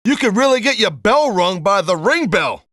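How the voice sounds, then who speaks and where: A man's voice: sits high, sing-song, normal speed, fairly bright tone, dry recording, clean studio sound. A middle-aged man doing color commentary for a wrestling video game, blunt and wisecracking with tough-guy slang.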